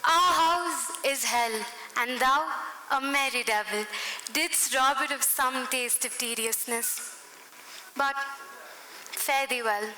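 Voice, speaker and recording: A gentle young daughter, played by a young woman in a school stage production. She speaks earnestly and slowly, her high voice ringing in a roomy hall. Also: exaggerated voice. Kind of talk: stage play acting. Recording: echoey hall, faint hiss.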